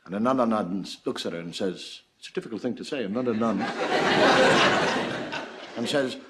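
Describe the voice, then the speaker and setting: A man's voice: fairly low pitch, sing-song, moderate pace, heavy background noise. A man doing a wry stand-up monologue, telling jokes with a storytelling, swooping delivery. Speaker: comedian.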